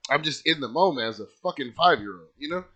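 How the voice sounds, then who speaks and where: A man's voice: on the high side, expressive, fast talker, pushed and bright, husky, lo-fi sound. A man casually telling a personal story in a rambling, conversational way, full of "like" and "you know", earnest and heartfelt. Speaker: channel host telling his own story.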